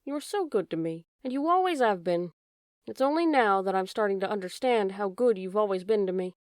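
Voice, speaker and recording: A woman's voice: medium pitch, animated, brisk, a little mellow, no room sound, studio quality, natural voice. A woman voicing an anxious, frail male autumn leaf who talks in a plaintive, worried way. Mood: wistful. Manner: plaintive, worried colloquial talk.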